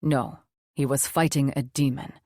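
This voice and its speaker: A man's voice: medium pitch, steady tone, moderate pace, a little mellow, no echo, studio quality, pitched below the performer's own voice, close to an everyday voice. Woman doing a curt, guarded wolf man. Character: guarded young wolf shifter man, protective.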